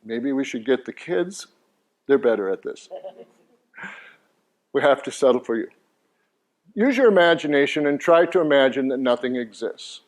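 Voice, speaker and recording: A man's voice: medium pitch, expressive, moderate pace, pauses often. An older man presenting a Christian teaching course to a live church audience, joking and asking the crowd questions as he goes. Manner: jovial, engaging the audience with questions and jokes. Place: church meeting room before an audience.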